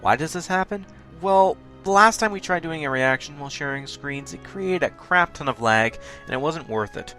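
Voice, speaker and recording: A man reads his own countdown commentary in a fast, blunt, self-critical way, sometimes tripping over his words. His voice is bright and fairly high for a man, and it swings widely in pitch. Faint music plays behind him. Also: lively intonation. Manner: talks fast, stutters at points. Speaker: YouTube countdown host.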